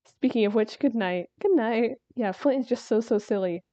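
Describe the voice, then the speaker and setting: A woman's voice: on the high side, moderate pace, warm tone, no echo, highs cut off. A woman streaming while she draws, chatting casually in a rambling way, laughing and restarting her sentences. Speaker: artist streamer.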